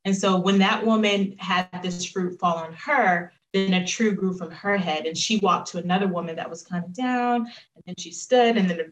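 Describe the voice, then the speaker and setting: A woman shares her personal story as an interview guest, earnest and reflective. She turns lively when she quotes herself. Her voice rings a little in a roomy, echoing space. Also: lowish voice, moderate pace.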